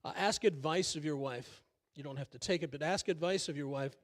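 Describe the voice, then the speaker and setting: This older pastor's sermon in the church sanctuary comes in a fairly high, fairly quick male voice. He keeps it homey and chatty, using plenty of fillers and self-deprecating asides.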